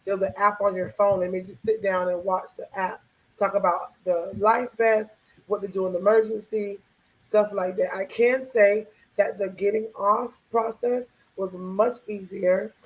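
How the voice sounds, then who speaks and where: A woman's voice: medium pitch, a little slow, rough recording. A woman on a talk show chatting casually about a trip, with a voice she says is going. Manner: chatty, lively storyteller. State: losing her voice. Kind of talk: casual chat.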